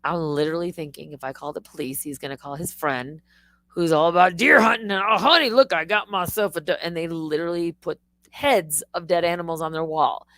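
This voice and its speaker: A woman from Michigan, a livestream host, telling a story in a casual, animated way, with swearing and high bursts when she quotes herself. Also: fairly quick, no echo. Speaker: livestream host, former wildlife TV host.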